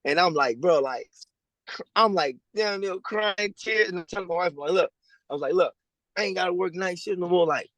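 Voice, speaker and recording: A fairly high-voiced man from tells his story in an interview, with loose, slangy speech. He jumps up in pitch to act out what other people said. The call has a dry, close sound. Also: a little fast, no room sound, low-quality recording. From Louisiana. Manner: animated storyteller, acting out quoted people in a higher voice; slangy and casual. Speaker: guest. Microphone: remote call over a weak connection.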